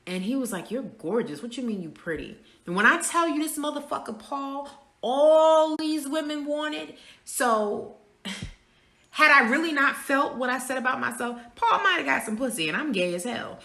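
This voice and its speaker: A woman's voice: sits high, animated, normal speed, gravelly, pushed and bright, roomy sound. A woman giving a candid personal monologue, blunt and emphatic, swearing freely. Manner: blunt, frequent profanity, emphatic. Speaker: speaker sharing personal views.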